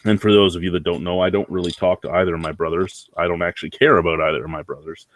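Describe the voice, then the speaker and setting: Profane rambling man, low voice. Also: flat delivery, quick pace, slight background noise. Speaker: vlogger. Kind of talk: casual rambling vlog rant.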